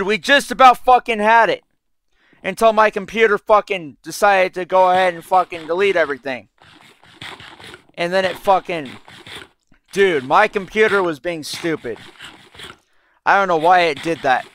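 A man's voice: high-pitched, normal speed, pauses often, fairly bright tone. A young man giving casual, rambling commentary over his gameplay, frustrated and swearing constantly. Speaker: let's play gamer.

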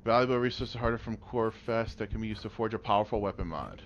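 A man in casual co-op game chat, excitable, swearing under his breath and laughing often. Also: on the low side, fast talker, lo-fi sound, slight background noise. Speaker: co-op gamer. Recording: game music behind.

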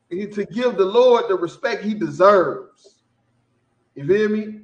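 A man hosting a podcast, talking in casual, profane, animated commentary and laughing often. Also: high-pitched, a little slow, pauses often, roomy sound. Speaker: podcast host.

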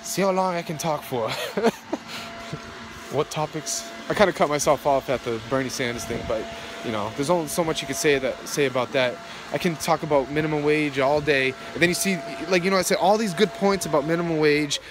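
A man's voice: on the high side, a little fast. A young man vlogging outdoors in the cold on his phone, shivering as he rambles and swears in a heated rant. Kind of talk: casual rambling rant to camera. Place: outdoors in the cold near traffic. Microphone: phone camera. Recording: noisy outdoor phone recording with traffic.

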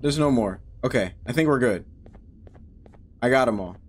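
A man playing a video game and commenting as he goes, swearing and yelling at the game, animated and quick to get angry. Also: medium pitch. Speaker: gaming video host. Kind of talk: let's play commentary.

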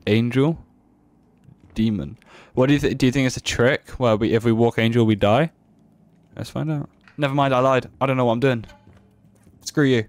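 Young man, game streamer, playful jokes, excitable, desk mic, faint music. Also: mid-range voice, brisk, pauses often, dry recording. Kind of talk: casual gameplay commentary.

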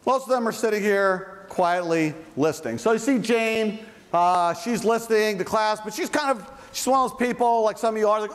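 High-voiced male professor in an echoey hall. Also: moderate pace. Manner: conversational, playful with asides. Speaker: psychology professor. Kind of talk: university lecture. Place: large lecture hall.

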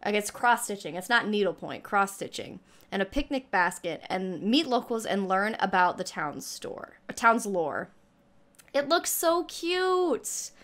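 A woman's voice: medium pitch, moderate pace. A young woman reacting to a trailer and reading it aloud, gushing and a little out of breath. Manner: gushing, squealing with excitement. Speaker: gaming YouTuber reacting to a trailer.

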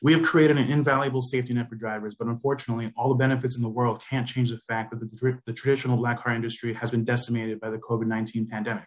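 A man reading prepared testimony as a spokesman for an advocacy group, brisk and businesslike, at a remote hearing over a video call. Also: mid-range voice, level tone.

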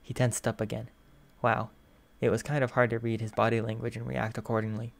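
A man narrating a fan fiction audiobook in a steady, even storytelling manner. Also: mid-range voice, brisk, creaky.

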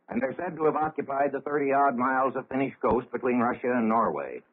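A man reading a 1930s radio news bulletin in a measured, formal way with dry, wry asides. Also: medium pitch, breathy edge. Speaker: radio newscaster. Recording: tinny lo-fi 1930s radio broadcast.

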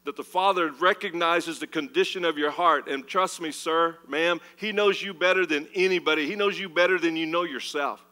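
A man preaching a sermon as pastor, animated and swinging between loud, urgent passages and hushed ones. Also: on the high side, normal speed, few pauses. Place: church.

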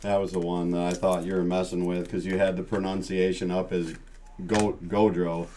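A man's voice: low voice, level tone, normal speed, mellow, a little hiss or hum. A man co-hosting a card break, chatting casually with dry, teasing comebacks.

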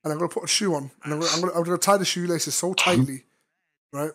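A man streaming and chatting in a virtual-reality game, his voice slightly hoarse, rambling playfully and teasing others with sudden loud bursts. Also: fairly high pitch, rapid-fire, slight background noise. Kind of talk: casual VR chat while streaming. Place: online game, voice chat.

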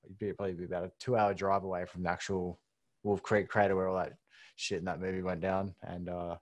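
Deep-voiced Australian man co-hosting. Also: flat delivery, fast. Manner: laid-back, swears casually, many "uh"s. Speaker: podcast co-host. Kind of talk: casual podcast interview. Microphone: video call.

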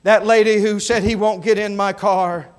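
Man preaching a revival sermon, very high voice, storytelling that rises to shouts. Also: fairly even intonation, normal speed, smooth. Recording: church service recording.

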